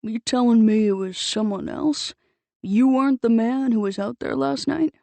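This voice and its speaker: A woman voicing a combative older man with a loud, bossy manner in an audiobook. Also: very high voice, normal speed, creaky, no room sound. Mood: angry. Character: gruff older man, bushy-browed and combative.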